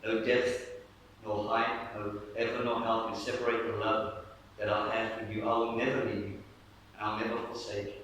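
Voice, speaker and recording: Pastor voicing God in a whispered role-play, hushed and tender, bright tone, heavy church echo from a distance. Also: male voice, mid-range voice, fairly even intonation, a little fast, slight background noise, natural voice. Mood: loving. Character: gentle, reassuring male God speaking softly up close. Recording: echoey church from far off.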